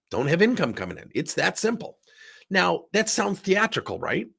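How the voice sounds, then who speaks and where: A man's voice: medium pitch, vocal fry, fairly bright tone, husky. A man coaching in a recorded workshop talk, sick with a strained voice, speaking in an emphatic, candid way while seated indoors. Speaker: business coach.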